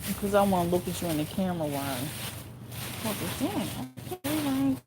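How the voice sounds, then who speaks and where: A woman's voice: mid-range voice, sing-song, normal speed, very noisy. A woman hosting a casual live stream, chatting bluntly and profanely with her viewers and laughing often. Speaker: livestream host reading viewer comments.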